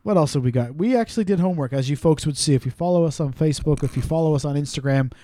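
A man's voice: a little high, very fast, dark tone, no room sound. A man co-hosting a podcast, telling stories in casual, profane banter with a joking manner. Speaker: podcast co-host.

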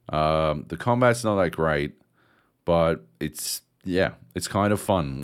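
Slow, animated, cursing game podcaster. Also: male voice, deep voice, clean tone. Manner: profane, animated storytelling. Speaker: podcast co-host. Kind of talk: casual chat about video games.

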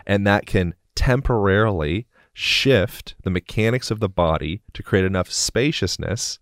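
A man's voice: fairly low pitch, unhurried, no echo, clean studio sound. A man, a bodywork practitioner, speaking in a casual, rambling podcast interview and swearing now and then.

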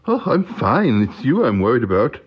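A man's voice: very animated, moderate pace, breathy edge. A man voicing an anxious companion character who frets and fusses over his friend. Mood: worried. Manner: worried, fussing and high-pitched. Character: anxious, fussing male companion at home. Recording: dull lo-fi sound.

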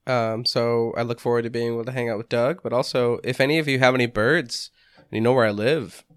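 A man's voice: medium pitch, steady tone, a little fast, fairly bright tone, clear, resonant tone, dry recording, studio quality. A young man hosting a podcast, bantering in a playful, joking way, swearing freely and laughing often. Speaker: podcast host. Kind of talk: casual comedic banter.

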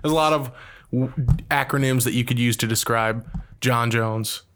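A man's voice: medium pitch, moderate pace, fairly bright tone. A young man co-hosting a podcast, chatting casually and slipping in dry puns and wordplay. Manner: dry punning jokester. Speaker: podcast co-host. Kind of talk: casual chat.

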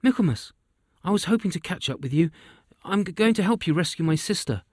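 A brisk, self-assured young princess from a storybook, voiced by a man reading aloud. Her lines sit clearly higher and a touch louder than the narration, quick and decisive, in a dry, close room. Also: lively intonation, no echo, close to an everyday voice.

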